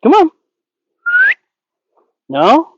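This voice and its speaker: A man working as a horse trainer, calmly explaining while talking gently and soothingly to a horse outdoors. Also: very high-pitched, very slow, dry recording, highs cut off. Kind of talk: training commentary.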